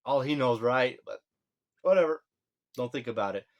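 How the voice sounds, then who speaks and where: A man recapping a show episode in casual, sarcastic speech, mocking the plot and quoting characters in quick offhand voices. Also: medium pitch, animated, highs cut off. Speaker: video reviewer.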